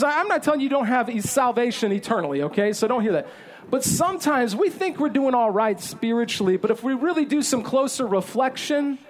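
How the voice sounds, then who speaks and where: A man in his thirties preaching a sermon as pastor, telling a self-deprecating story in an animated way. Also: very high voice.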